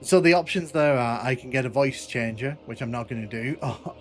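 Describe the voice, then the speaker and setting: A man's voice: mid-range voice, brisk, music in the background. Chatty northern English man streaming. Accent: northern English, between Manchester and Liverpool. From northern England. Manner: chatty, reading and answering viewer comments. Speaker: gaming streamer. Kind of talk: casual chat while streaming a game.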